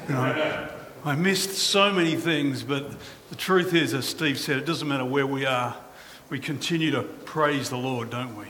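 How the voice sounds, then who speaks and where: Fervent pastor in a reverberant space. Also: male voice, mid-range voice, moderate pace, sharp tone, a little hiss or hum. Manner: fervent, repetitive preaching cadence. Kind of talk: sermon and prayer.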